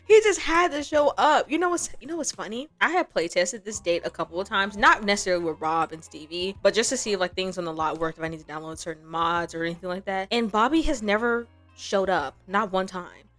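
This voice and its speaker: A woman's voice: medium pitch, fairly quick, few pauses, fairly bright tone, faint music behind. A young woman giving chatty, slangy commentary on a life-sim game as a gaming creator. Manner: chatty, slangy, laughs at the drama. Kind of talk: casual gameplay commentary.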